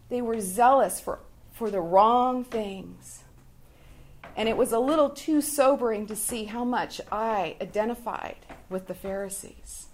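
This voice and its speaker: A woman shares a devotional reflection with her Bible study group. Her voice sits a little high, and she talks very slowly, leaving pauses between short phrases. She keeps an earnest, measured tone throughout. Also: a little mellow.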